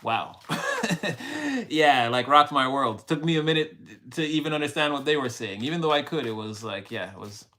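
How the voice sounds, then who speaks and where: A man's voice: a little high, very animated, moderate pace, pushed and bright. A man from Canada with a Montreal accent, chatting casually to a live audience, laughing often and switching between English and French. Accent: Montreal Quebec. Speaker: livestream host.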